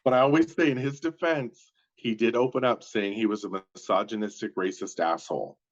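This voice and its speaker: A man's voice: on the low side, a little fast. A man who is a guest comedian in casual chat, wry and joking. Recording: dull lo-fi sound.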